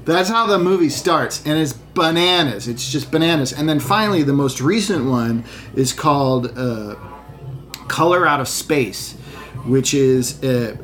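A man in casual chat, telling movie stories in a rambling, animated way. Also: mid-range voice, unhurried. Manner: rambling, animated storyteller with restarts.

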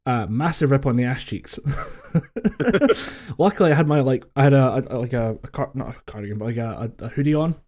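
A man's voice: medium pitch, expressive, normal speed, darkish tone. A Scottish man co-hosting a podcast, chatting casually, laughing a lot and swearing freely as he tells stories over a voice call. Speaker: podcast co-host. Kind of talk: casual chat. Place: home, recorded over a voice call.

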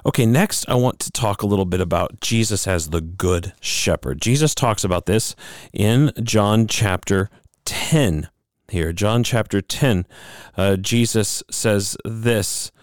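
Man teaching a slow, deliberate sermon. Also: fairly low pitch, dry recording, clean studio sound. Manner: slow, deliberate teaching with fillers and rhetorical questions. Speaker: pastor. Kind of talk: sermon with quoted reading.

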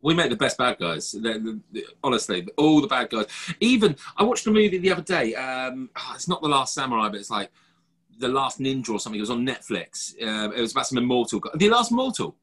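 A man's voice: medium pitch, fast, breathy edge. A man in his thirties co-hosting a podcast, chatting casually and telling jokey stories. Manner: joking, animated storytelling. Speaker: podcast co-host. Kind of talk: casual chat.

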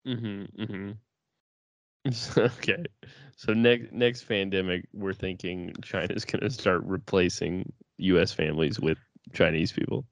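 A man's voice: low voice, steady tone, unhurried, no echo. A man co-hosting a casual podcast chat, laid-back, swearing often and restarting his sentences. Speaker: podcast co-host.

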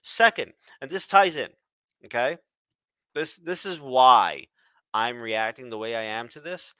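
A man's voice: mid-range voice, measured pace, bright, forceful tone, clean tone, no room sound. A man co-hosting a wrestling podcast, giving emphatic, opinionated takes in casual chat. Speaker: podcast co-host.

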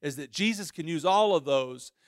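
A pastor preaching a sermon, telling a story with lively voices and frequent restarts. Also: male voice, fairly high pitch, moderate pace, no echo, studio quality.

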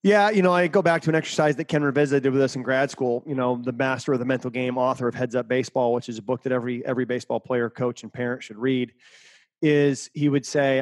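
A man's voice: mid-range voice, fairly even intonation, quick pace, dry recording. A middle-aged man giving interview answers as a mental performance coach, speaking emphatically and repeating key phrases.

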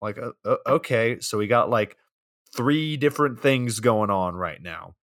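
A man's voice: mid-range voice, a little slow, a bit bright, no echo, clean studio sound. A young man casually recapping a film plot for a podcast, swearing freely and acting out characters' lines.

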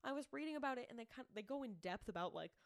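A woman's voice: fairly high pitch, racing, no echo, clean studio sound. A woman co-hosting a podcast, telling a true-crime case in casual chat and acting out quoted people. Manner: chatty storyteller, animated quoted voices, frequent "like" and "um". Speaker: podcast co-host presenting the case.

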